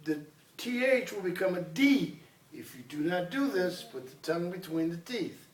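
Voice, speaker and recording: A man's voice: high-pitched, animated, normal speed. A man teaching a class, drilling students in call-and-response and speaking commandingly. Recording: echoey room, voice from far off.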